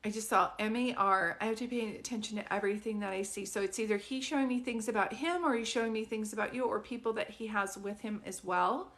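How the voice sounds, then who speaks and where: A woman's voice: mid-range voice, quick pace, few pauses, fairly bright tone. A woman giving a casual live psychic reading from home. She talks in a chatty, rambling way full of fillers and restarts. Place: at home with a dog nearby.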